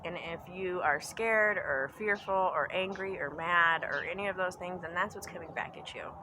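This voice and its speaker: A woman's voice: lowish voice, normal speed, background noise. A woman giving a casual spoken reflection as a pagan spiritual vlogger at home, earnest and rambling, repeating phrases for emphasis and trailing off into asides. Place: home basement room.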